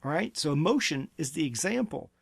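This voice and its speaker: A man's voice: a little high, big pitch swings, a little fast, creaky, husky, no echo, clean studio sound. A man giving parenting advice as a therapy clinic presenter, earnest and emphatic. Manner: earnest, emphatic, acts out parent and child quotes. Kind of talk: advice talk to camera.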